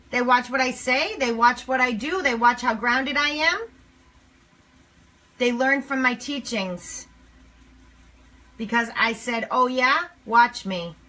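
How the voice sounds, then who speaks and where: A woman speaking emphatically to camera as a motivational speaker, swinging between loud and hushed lines. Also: high-pitched.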